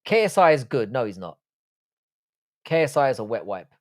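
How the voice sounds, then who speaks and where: A young man raised in the UK hosts a live stream, reading viewer comments aloud in blunt, sweary casual chat. His medium-pitched voice has a sing-song lilt and a moderate pace.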